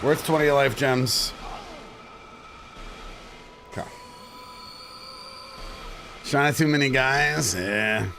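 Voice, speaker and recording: Male speedrun streamer, gravelly and unhurried, lively pitch jumping up when he yells at the game. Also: noisy background. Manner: swearing, exasperated, shouting at enemies. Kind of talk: live gameplay commentary.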